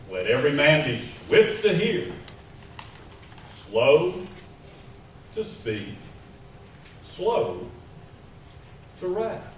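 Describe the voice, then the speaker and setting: Male pastor, higher-pitched, emphatic sermon delivery, echoey room with faint hiss. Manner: preaching with emphatic repetition and shifting loudness. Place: church sanctuary. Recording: echoey church room, mic at a distance, faint noise.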